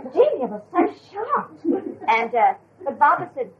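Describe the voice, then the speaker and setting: A woman's voice: fairly high pitch, sing-song, moderate pace. An older woman retelling an anecdote from memory, hesitant with fillers, on a dull lo-fi recording. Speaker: storyteller.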